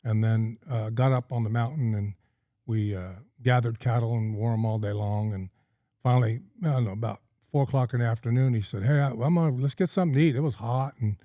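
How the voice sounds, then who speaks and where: A man's voice: fairly low pitch, fairly even intonation, fairly quick, warm tone, dry recording, clean studio sound. A middle-aged man from California, a podcast guest telling a long story in a folksy, rambling way with plenty of ums and uhs. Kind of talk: casual storytelling in a podcast interview.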